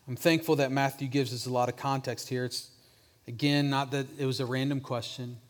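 A man's voice: medium pitch, steady tone, a little fast. Man preaching a sermon. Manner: preaching with restarts, drops softer when voicing Jesus' question. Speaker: pastor.

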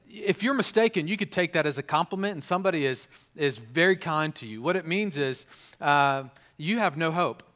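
A man delivers a sermon from the pulpit in a relaxed, conversational way, leaning on fillers and tag questions like "right?". His voice sits a bit higher than most men's. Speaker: pastor.

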